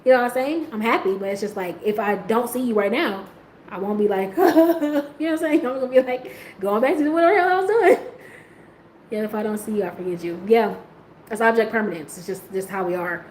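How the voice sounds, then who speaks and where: Chatty woman with a slangy, laughing ramble. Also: brisk. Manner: laughing often, jumping into high squeals when quoting herself; slang-heavy, rambling, trailing off quietly. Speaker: host. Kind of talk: casual chat. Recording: echoey room with faint ambient noise.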